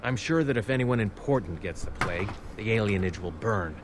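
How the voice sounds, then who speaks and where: A man's voice: fairly low pitch, expressive, fairly quick, background noise, lightly acted. A man voicing an earnest, worried elf. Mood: concerned. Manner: earnest, pleading. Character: worried male elf pleading for his cousin. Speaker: game character.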